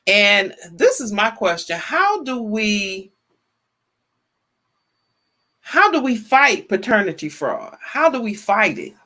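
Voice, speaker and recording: A woman in her fifties hosting a casual livestream, chatty and lively, greeting viewers by name and often repeating herself in colloquial phrasing. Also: medium pitch, measured pace. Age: 50s. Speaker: livestream talk show host. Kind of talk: casual livestream chat, reading viewer comments.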